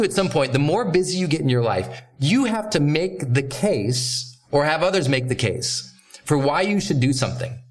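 A man delivering a motivational training talk as host and coach. He speaks directly and emphatically, stressing his points with quick asides. His voice sits a little higher than most men's.

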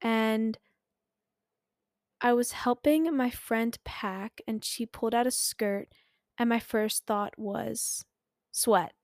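Chatty young woman, higher voice. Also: steady tone, takes it slowly, long pauses, no room sound, studio quality. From Philadelphia. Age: 20s. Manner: chatty, candid and self-mocking, laughs often. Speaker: podcast host. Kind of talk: casual solo podcast chat.

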